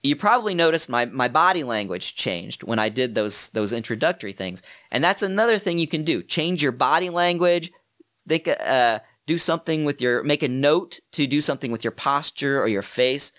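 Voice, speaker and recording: Bright-voiced man giving casual narration tips. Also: mid-range voice, lively intonation, moderate pace. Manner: earnest and modest, thinking aloud. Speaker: amateur audiobook narrator. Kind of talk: casual how-to talk.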